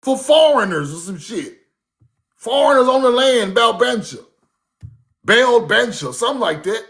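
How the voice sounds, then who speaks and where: A man telling stories about his grandmother in a casual monologue. He is animated and profane, and he repeats himself for emphasis. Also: very high-pitched, normal speed. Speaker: speaker recounting his grandmother's teachings.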